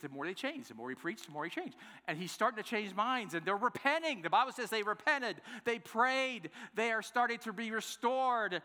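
A man preaching a sermon in a casual, animated way, acting out scripture, recorded in a church sanctuary. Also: high-pitched. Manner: animated, conversational, acts out scripture. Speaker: pastor. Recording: long echoing hall reverb.

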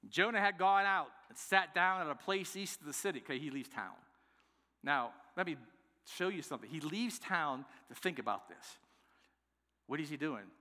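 A man preaching a sermon in a casual, animated way, acting out scripture, recorded in a church sanctuary. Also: on the high side, normal speed. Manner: animated, conversational, acts out scripture. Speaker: pastor. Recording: long echoing hall reverb.

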